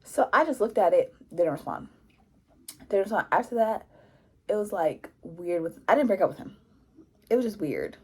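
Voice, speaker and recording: A young woman vlogger telling a casual storytime in a lively, slangy way, acting out what people said. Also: mid-range voice, normal speed, pauses often, husky. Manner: animated, slangy, mimics people in quotes.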